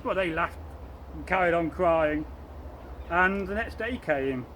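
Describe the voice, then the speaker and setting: A man telling an old folktale aloud to listeners, lively and rambling, correcting himself as he goes. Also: a little high, a little slow, a little hiss or hum, poor audio. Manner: speaks to listeners, points to props. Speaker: storyteller. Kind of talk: live oral folktale telling.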